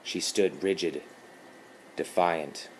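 A man narrating a horror story in a calm, measured reading. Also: low-pitched, slight background noise.

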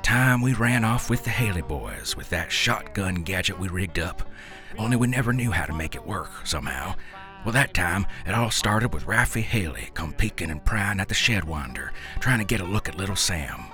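A man narrating a story in a deadpan, folksy dialect delivery. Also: deep voice, moderate pace. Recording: dry close mic, faint music.

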